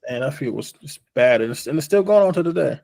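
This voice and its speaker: Blunt, slightly higher-voiced podcast man. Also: animated, quick pace, gravelly, darkish tone, no echo. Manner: blunt, profane, says "man" a lot. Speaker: podcast co-host. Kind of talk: casual podcast chat.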